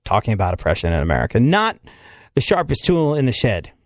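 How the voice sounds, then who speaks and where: Wry talk-radio host, dry studio sound. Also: male voice, mid-range voice, wildly swooping pitch, quick pace, dry recording. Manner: wry, joking, laughs often. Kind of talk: casual comedic radio chat.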